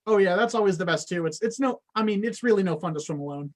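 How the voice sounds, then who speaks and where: A man's voice: high-pitched, lively intonation, quick pace. A man on a guest spot, explaining water safety to kids in a friendly, plain way.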